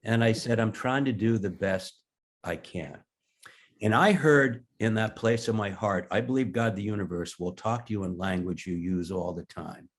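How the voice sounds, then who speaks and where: A man in his sixties, appearing as an interview guest, tells candid stories with blunt language and self-deprecating humor. His voice is fairly low and his pace moderate.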